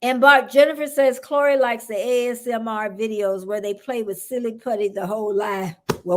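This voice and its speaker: A woman's voice: on the high side, animated, normal speed. A woman from the United States hosting a casual live stream, rambling chattily, greeting viewers by name and laughing often. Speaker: livestream host.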